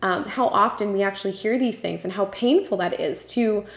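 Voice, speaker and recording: A woman's voice: medium pitch, moderate pace, gravelly. A woman hosting her own podcast, talking alone in an earnest, passionate way with frequent ums and uhs. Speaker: podcast host. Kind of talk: solo podcast talk. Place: home room with a puppy nearby. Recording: roomy echo.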